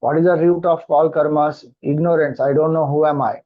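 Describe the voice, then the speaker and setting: A man with an Indian English accent teaches scripture in a slightly high, patient voice. He chants verses slowly and then unpacks them one phrase at a time. The recording sounds dull and lo-fi. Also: fairly even intonation. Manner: slow, explanatory, chants mantras then explains. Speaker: spiritual teacher. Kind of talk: scripture discourse.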